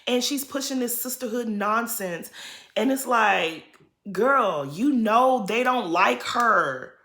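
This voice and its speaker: A woman's voice: a little high, a little slow, fairly bright tone, echoey room. A woman giving blunt, sassy commentary on a reality show in a casual recap.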